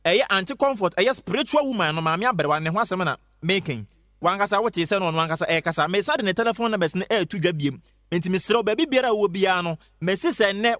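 A man presenting an advert on radio, fast and insistent, repeating his phrases. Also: high voice, fairly bright tone, dry recording, studio quality. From Ghana. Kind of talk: hyped radio advert pitch.

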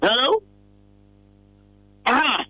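A Ghanaian man hosting a casual call-in talk about lotto numbers, chatty, taking callers and slowly repeating a phone number. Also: very high voice, big pitch swings, sharp tone, no room sound, faint music behind, poor audio. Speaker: lotto tipster show host.

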